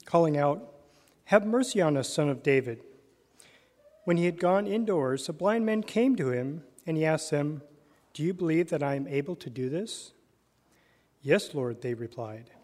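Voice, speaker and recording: A man reads the day's scripture to the congregation, steady and measured. His voice sits a little higher than most. The long reverb of the church hall follows each line. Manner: measured, plain reading aloud. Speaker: scripture reader. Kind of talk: scripture reading. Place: church sanctuary.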